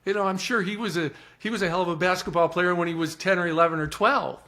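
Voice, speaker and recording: A man speaking as a podcast guest, telling stories in an earnest, animated way and often repeating words as he starts a thought. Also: sits high, fast. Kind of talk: reflective storytelling.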